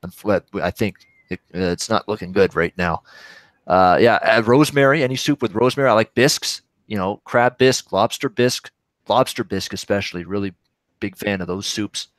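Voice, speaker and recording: A Canadian sports betting host speaks on the low side at normal speed, with no echo. His livestream talk is casual and rambling as he reads viewer questions and reacts to the games while they happen.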